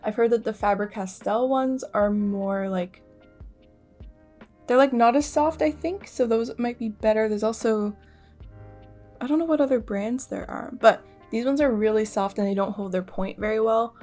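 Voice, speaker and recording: A woman's voice: on the high side, moderate pace, darkish tone. A young woman with a Canadian accent, chatting casually about art supplies in a rambling vlog, with many fillers. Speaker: art vlogger. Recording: faint music behind voice.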